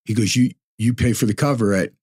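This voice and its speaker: A middle-aged sportscaster telling stories in casual chat, acting out the voices of people in them. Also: male voice, mid-range voice, a little fast, breathy edge, no echo, studio quality. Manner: animated storyteller, acts out quoted voices. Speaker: sportscaster guest. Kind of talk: casual storytelling.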